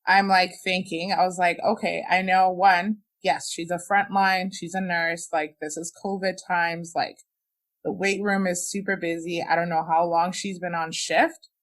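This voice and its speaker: Woman telling a painful story, low voice. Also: little pitch movement, normal speed. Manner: emotional, frank, heavy use of "like" and "you know". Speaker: podcast guest. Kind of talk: candid personal storytelling.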